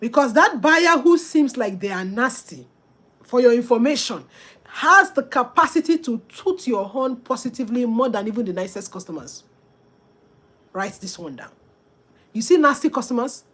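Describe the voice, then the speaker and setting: A woman coaches business owners in a motivational talk, with an emphatic, preachy delivery. She speaks straight to her listeners. Her voice sits a little high for a woman. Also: animated, normal speed, fairly bright tone. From Africa.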